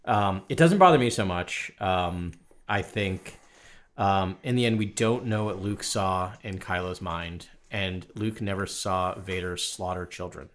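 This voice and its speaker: A man with a fairly low voice chats about a film on a podcast. He is reflective and easygoing, thinking aloud and tagging his points with a questioning "right?". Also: unhurried. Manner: reflective, conversational, tags lines with "right?". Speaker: podcast co-host. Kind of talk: casual film discussion.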